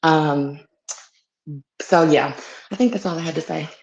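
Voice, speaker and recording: A woman calling in to a live chat, speaking softly, hesitantly and politely. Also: deep voice, measured pace, creaky, a little hiss or hum. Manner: soft-spoken, hesitant, polite. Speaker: caller. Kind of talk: casual call-in chat. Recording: dull echoey call audio.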